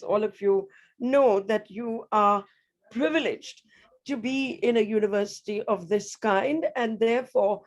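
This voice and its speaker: An older woman giving an earnest, measured address to new students over a video call, asking rhetorical questions. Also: medium pitch, a little mellow. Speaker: guest speaker.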